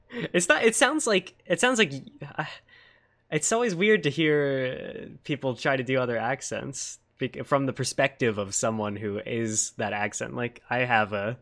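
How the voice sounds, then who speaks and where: An American man hosts a casual podcast, reading out listener questions with open curiosity. He laughs often and keeps the talk easy. His voice sits in a plain, middle pitch. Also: unhurried, vocal fry, a bit bright. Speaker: podcast host. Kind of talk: casual interview chat.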